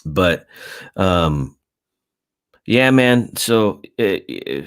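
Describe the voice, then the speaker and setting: A man's voice: low voice, sing-song, drawn-out words, smooth. A man co-hosting a casual fight talk show, rambling with many fillers and a lot of swearing. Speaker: podcast co-host. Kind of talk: casual chat.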